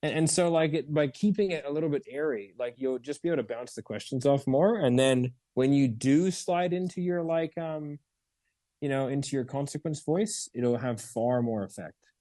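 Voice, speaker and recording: Animated sales coach, mellow dry voice. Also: male voice, mid-range voice, normal speed, no room sound. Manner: animated, demonstrates tones by acting them out, swears casually. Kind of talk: live roleplay coaching.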